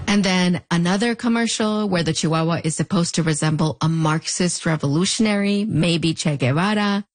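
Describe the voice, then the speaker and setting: A woman's voice: lowish voice, moderate pace. A woman in her thirties with a fronterizo accent, narrating a scripted piece in a wry, conversational storytelling way. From US-Mexico border region. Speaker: host.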